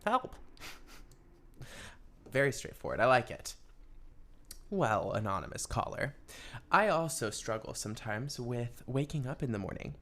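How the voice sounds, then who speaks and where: A man's voice: mid-range voice, very animated, a little slow, pauses often, fairly bright tone. A young adult man hosting an advice podcast, musing in a rambling, casual way with many fillers. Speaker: podcast host giving advice.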